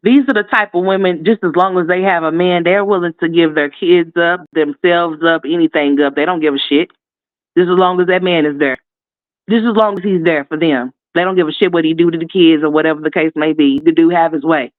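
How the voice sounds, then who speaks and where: A man with a notably high voice delivers fiery, profane, sassy commentary. The sound is thin and phone-like, with no room at all around it. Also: steady tone, a little fast, no echo. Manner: heated, profane, sassy ranting. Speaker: commentary host. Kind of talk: ranting commentary. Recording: tinny phone-like dry sound.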